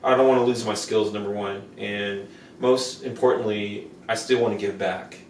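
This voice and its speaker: A man's voice: fairly low pitch, fairly even intonation, moderate pace, far from the mic, a little hiss or hum. A young adult man, a podcast co-host, telling earnest, rambling stories in casual chat and acting out the people he quotes. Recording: roomy, from off the mic.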